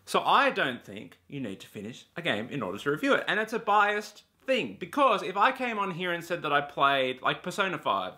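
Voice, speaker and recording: Man, bright and forceful tone, fairly high voice, blunt swearing rant to camera. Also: big pitch swings, fairly quick, few pauses. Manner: blunt, swearing, exasperated ranting. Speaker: YouTube games vlogger. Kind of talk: casual ranting monologue to camera.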